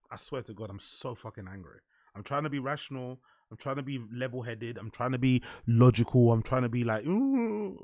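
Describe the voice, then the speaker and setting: A man hosting a live stream, ranting and swearing heavily about his football club, then calming down and muttering as he greets viewers. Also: mid-range voice, no echo, studio quality. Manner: subdued and muttering after the rant. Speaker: streamer and show host.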